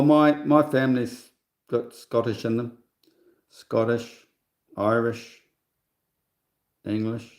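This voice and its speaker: A man's voice: medium pitch, darkish tone, roomy sound. A man in his sixties hosting a livestream in a rambling, casual monologue, scornful and full of chatty asides. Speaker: livestream host.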